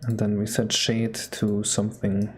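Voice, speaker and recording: A man's voice: fairly low pitch, completely flat delivery, measured pace. A man chatting casually on a live stream while he works on a game, joking and bantering as he reads chat aloud. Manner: joking banter, reading chat aloud between working remarks.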